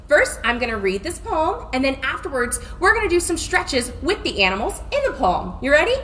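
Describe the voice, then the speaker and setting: A woman's voice: high voice, big pitch swings, moderate pace, a bit bright, slight background noise. Sing-song woman leading a kids' class. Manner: sing-song, gasping, playful and exaggerated. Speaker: children's class teacher. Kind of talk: storytime and movement class for small children.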